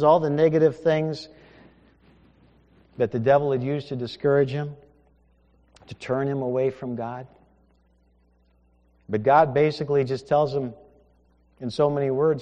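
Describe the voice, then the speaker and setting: A man preaching, retelling a scripture story with rhetorical questions. His voice sits slightly high for a man, and he moves between hushed asides and emphatic stretches. It rings in a reverberant hall. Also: measured pace. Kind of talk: sermon. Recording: echoey hall with long reverb.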